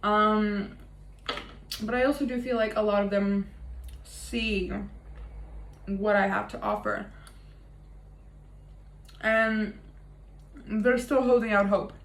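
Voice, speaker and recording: A woman's voice: mid-range voice, steady tone, takes it slowly, pauses often. Chatty self-mocking young woman, echoey room. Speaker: vlogger. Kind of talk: casual confessional vlog. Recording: echoey room with faint ambient noise.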